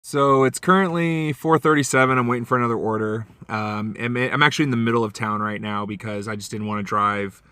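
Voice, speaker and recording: A man's voice: a little fast, hardly any pauses, bright, forceful tone, smooth, dry recording, clean studio sound. A man vlogging casually from his car about his delivery shifts, telling stories and acting out the voices of people he met. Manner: chatty storyteller, acts out quoted lines with big pitch jumps. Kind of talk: casual vlog monologue.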